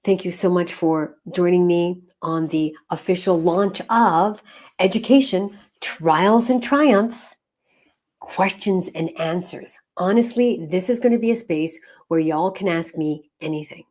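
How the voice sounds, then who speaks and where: A woman in her fifties with a somewhat low voice talks straight to parents. She sounds like an experienced school counsellor, earnest and encouraging as she gives practical advice. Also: measured pace, darkish tone. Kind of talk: direct-to-camera advice talk.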